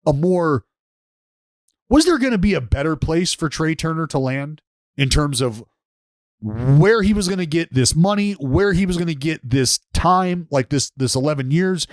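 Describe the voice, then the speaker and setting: A man's voice: a little high, lively intonation, moderate pace, dry recording, clean studio sound. A man co-hosting a sports podcast in casual chat, wisecracking and teasing. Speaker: podcast co-host.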